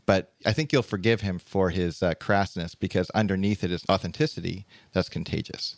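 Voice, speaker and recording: Low-voiced earnest male podcast host. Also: fairly even intonation, brisk, creaky, no room sound. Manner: earnest, reflective introductions. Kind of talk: interview podcast.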